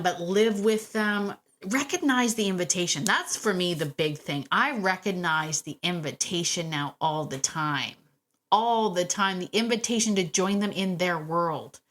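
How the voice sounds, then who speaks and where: A woman hosting a solo podcast about dog training, chatty and warm, laughing often and repeating phrases for emphasis. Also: mid-range voice. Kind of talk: casual solo podcast talk.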